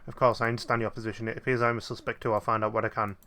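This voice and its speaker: A courteous gentleman professor sleuth from a puzzle game, formal and measured, read by a man. The voice is bright and the pace is quick. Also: fairly low pitch, flat delivery. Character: calm, polite gentleman professor detective.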